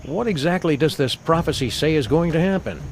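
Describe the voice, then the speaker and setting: A man voicing a wordy, deadpan dog detective in a video game, with a dry, long-winded delivery. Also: on the high side, brisk, a little hiss or hum.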